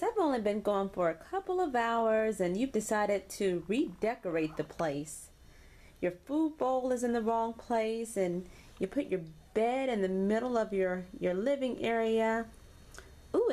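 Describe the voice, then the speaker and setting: A woman's voice: fairly high pitch, lively intonation, a little slow, darkish tone. A woman at home giving commands and praise to her puppy in a sing-song baby-talk voice, recorded on a handheld camera. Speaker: dog owner training her puppy. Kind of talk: home video, talking to a puppy. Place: home, indoors.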